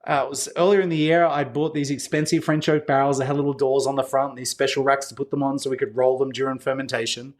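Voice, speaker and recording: A man's voice: medium pitch, level tone, fast talker, few pauses. A man who runs a winery, a guest on an interview podcast, telling casual stories full of fillers and acted-out dialogue. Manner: anecdotal, acts out quoted dialogue with filler words.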